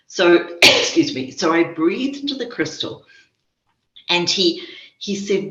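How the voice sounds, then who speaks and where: An older New Zealand woman with a bright, forceful tone talks gently and reflectively. Her voice comes over a video call that sounds muffled and echoey. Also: on the low side, big pitch swings, moderate pace. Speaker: guest spiritual teacher. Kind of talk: casual conversation.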